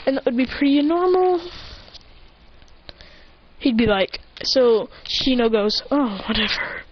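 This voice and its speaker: A woman improvises a fan-fiction tale in a loose, rambling way, stopping to correct herself and toss in asides. Her voice sits a little high. The recording is somewhat dull and lo-fi. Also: lively intonation, slow, a little hiss or hum. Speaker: fan storyteller.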